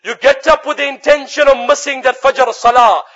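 High-voiced man preaching a fervent sermon. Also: fairly even intonation, moderate pace, a bit bright. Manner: impassioned, chanting Arabic recitation. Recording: dull lo-fi recording.

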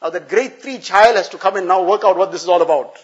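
A man's voice: sits high, fast, highs cut off. A male preacher giving an earnest, explanatory sermon, repeating phrases for emphasis.

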